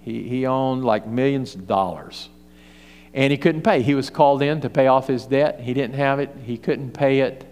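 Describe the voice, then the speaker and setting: A man's voice: medium pitch, normal speed, darkish tone, smooth. A male pastor preaching a sermon in an emphatic, repetitive storytelling way, heard in a church hall. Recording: reverberant hall.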